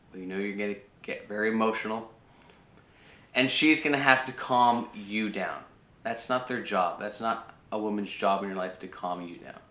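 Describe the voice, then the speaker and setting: A man with a fairly low voice and a bright, forceful tone gives earnest life advice straight to his listeners. He lectures in a casual way, repeats points and restarts sentences. The sound is roomy and echoey. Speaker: self-improvement video host. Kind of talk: casual advice monologue to camera.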